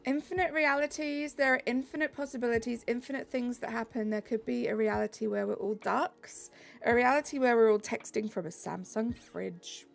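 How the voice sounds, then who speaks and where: A woman's voice: on the high side, moderate pace, creaky, faint music behind. A young woman from England with a Southeast English accent, chatting upbeat with her live-stream chat while she plays.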